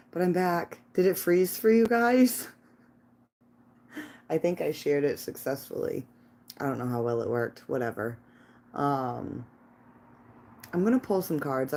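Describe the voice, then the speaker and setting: Low, mellow-voiced woman reading tarot. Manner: chatty, laughing, talks to her cat and chat. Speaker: tarot reader livestreaming. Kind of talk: casual livestream chat. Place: living room at home. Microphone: phone.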